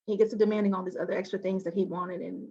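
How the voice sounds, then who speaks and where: A woman guest in an interview, telling a personal story with vivid swings between hushed asides and loud exclamations. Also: mid-range voice, fairly even intonation, rapid-fire, muffled recording.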